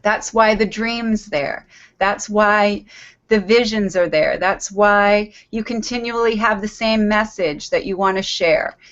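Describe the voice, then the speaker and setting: A woman's voice: medium pitch, unhurried, a bit bright, dull audio. A middle-aged woman giving an earnest motivational talk on a group call, repeating herself and laughing often.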